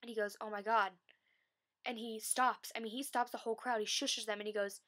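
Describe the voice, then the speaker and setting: A young woman vlogging, telling a long excited story with lots of fillers and restarts. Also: a little high, moderate pace. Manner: breathless, rambling, many fillers.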